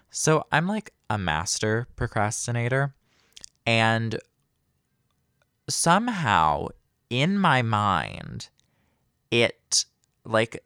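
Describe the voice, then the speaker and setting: A man's voice: fairly low pitch, a bit bright, smooth, no room sound, studio quality. A young man hosting a casual solo podcast, rambling and self-deprecating with lots of fillers. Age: young adult. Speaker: podcast host.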